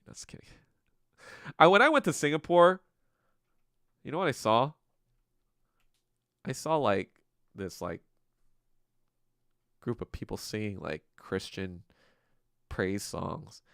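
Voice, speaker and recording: A man's voice: low-pitched, very animated, a little slow, gravelly, pauses often, a bit bright, no room sound, studio quality. A young man hosting a solo podcast, rambling and ranting in a crude, sarcastic, profane way. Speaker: podcast host. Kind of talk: casual solo livestream rant.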